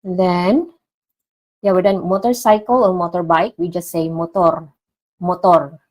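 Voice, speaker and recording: Slow, low-voiced woman teaching words. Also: fairly even intonation, poor audio. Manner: repeats each word slowly and clearly for learners. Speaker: language teacher. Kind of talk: casual online language lesson.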